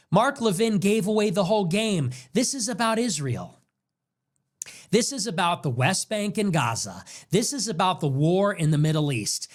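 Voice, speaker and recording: A man hosting a political commentary show, combative and sarcastic, firing off one rhetorical question after another. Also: high-pitched.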